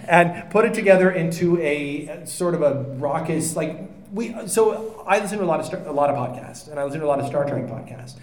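A man's voice: fairly high pitch, quick pace. A man co-hosting a live podcast panel at a convention, rambling and joking with lots of fillers. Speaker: podcast co-host. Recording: echoey convention room.

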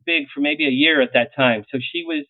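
A middle-aged man tells animated stories in an interview, jumping into the voices of the people he quotes. His voice sits at an ordinary pitch. It comes through a thin, phone-like line with no room sound. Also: brisk, no echo. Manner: animated anecdotes, acts out quoted lines. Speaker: publicist guest. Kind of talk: storytelling interview. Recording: tinny phone-like line, dry.

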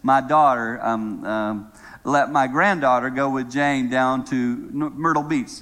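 A middle-aged man preaching a sermon, telling a humorous story in a lively way and then praying softly. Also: a little slow. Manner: lively, humorous storyteller who drops to a soft, low tone to pray. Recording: long reverb of a large hall.

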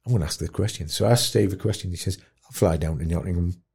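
Low dark husky man, animated storyteller. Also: quick pace. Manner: animated, emotional storyteller, drops to a hush at tender moments. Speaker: guest musician in care.

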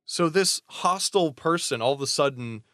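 A man co-hosting a podcast, casually retelling a novel's plot with quick voiced asides. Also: a little high, expressive, bright, forceful tone, no room sound, studio quality. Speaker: podcast co-host recapping a novel. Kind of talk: casual chat.

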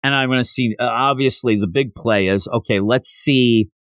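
A man's voice: mid-range voice, moderate pace, fairly bright tone, no echo. A man hosting a manga review podcast, chatting casually as he recaps the plot with wry jokes. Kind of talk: casual solo review chat.

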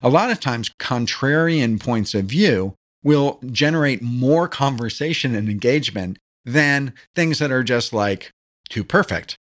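A man hosting a solo podcast on branding, talking in a conversational, animated way and firing off rhetorical questions. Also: mid-range voice, a little slow.

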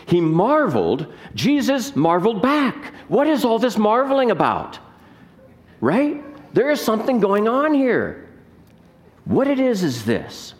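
Animated man preaching a sermon. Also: sits high, a little slow. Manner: emphatic, rhetorical questions, reads scripture aloud. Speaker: pastor.

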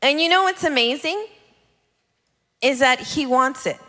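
A woman preaching a sermon in an animated way, acting out other people's voices as she tells stories. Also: high-pitched, unhurried, long reverb tail. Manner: animated, acts out voices of her kids and God.

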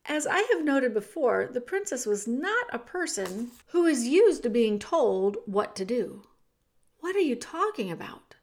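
Woman narrator for a storybook audiobook; unhurried, fairly high voice, expressive. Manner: measured, expressive reading. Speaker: audiobook reader.

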